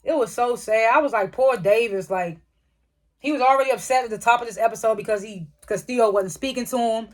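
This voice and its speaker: A woman's voice: on the high side, brisk. A woman giving a casual, slangy recap and review of a TV episode, swearing often. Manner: animated retelling, frequent swearing, slangy. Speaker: TV show reviewer.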